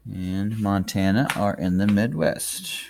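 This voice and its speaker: A man's voice: on the low side, expressive, slow, creaky, a little mellow, slight background noise. A man narrating a handwriting lesson in a chatty, encouraging way while he writes. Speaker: handwriting teacher. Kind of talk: casual tutorial narration.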